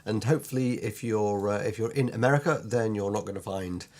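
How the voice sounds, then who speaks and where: A man's voice: lowish voice, fairly quick, a little mellow. A British man from Lancashire introducing his illustration course to camera from his drawing room at home, rambling and sidetracked with many ums and restarts. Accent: British English. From Lancashire, England. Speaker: illustrator and online course teacher.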